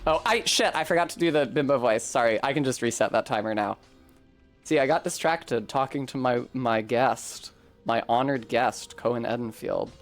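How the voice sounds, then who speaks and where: A man hosting a gaming stream, excitable and swearing, talking over his play with quick jokey asides. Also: medium pitch, soft background music. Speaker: streamer host. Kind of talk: casual gaming stream chat.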